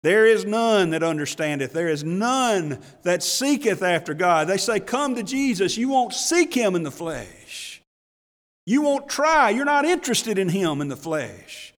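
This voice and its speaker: A man preaches in a high, light voice, folksy and animated, chuckling between points. He quotes scripture in old English wording. The long reverb of a church hall trails behind every line. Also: measured pace. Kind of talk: sermon.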